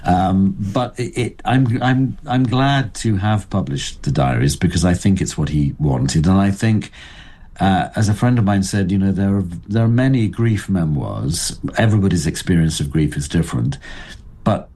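Low, husky older man, reflective. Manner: halting, many restarts, soft and thoughtful. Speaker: guest. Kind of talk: reflective interview talk.

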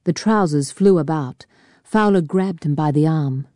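A woman reading a novel aloud in a measured, even narration on a close mic. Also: sits low, dry recording. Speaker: audiobook narrator. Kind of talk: scripted narration.

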